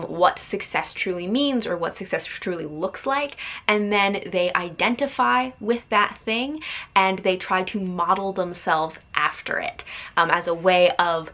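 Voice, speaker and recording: A woman's voice: fairly low pitch, fairly bright tone. A woman book vlogger explaining her ideas in a casual, thoughtful way, with frequent ums and likes.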